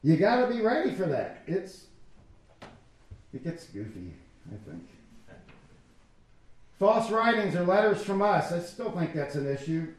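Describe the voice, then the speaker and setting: A man's voice: high-pitched, big pitch swings, unhurried, long pauses. A man preaching a sermon as pastor, talking conversationally and acting out quotes from people. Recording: echoey church hall.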